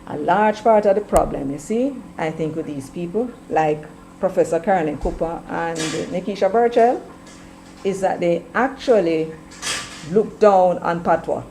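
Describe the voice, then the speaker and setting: A woman's voice: fairly low pitch, moderate pace, dark tone, a little hiss or hum, rough recording. Emphatic Jamaican woman commentator. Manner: emphatic, mixing patois into English. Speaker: commentary show host. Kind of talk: opinionated live-stream commentary.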